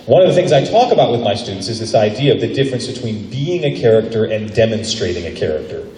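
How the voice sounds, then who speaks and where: Animated man in an echoey hall. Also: lowish voice, quick pace, a little hiss or hum. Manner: animated, explanatory, playful. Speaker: voice actor and acting teacher. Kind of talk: convention panel Q&A answer. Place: large convention panel room. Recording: echoey hall recorded from far off.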